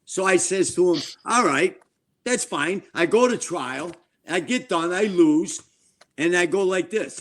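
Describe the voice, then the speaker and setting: A man's voice: high voice, expressive, a little slow. Blunt, profane older man in his seventies. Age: 70s. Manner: blunt, profane, quotes people in their voices. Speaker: interview guest. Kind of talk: casual storytelling interview. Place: a home.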